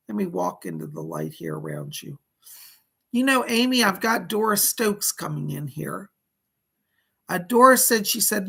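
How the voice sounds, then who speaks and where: Male psychic host, very gravelly, bright edge, husky; calm guide, then chatty. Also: sits high, measured pace. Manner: soothing instructive guidance, then chatty and excited. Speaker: psychic medium. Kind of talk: live-streamed guided meditation and psychic readings.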